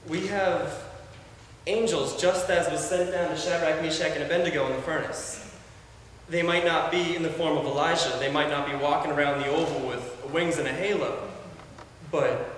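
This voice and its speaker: Young man, sermon, earnest storytelling, fairly high voice, distant mic, big echoing hall. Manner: earnest storytelling, voice drops low for quotes. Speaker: preacher. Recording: echoey hall from far off, faint hiss.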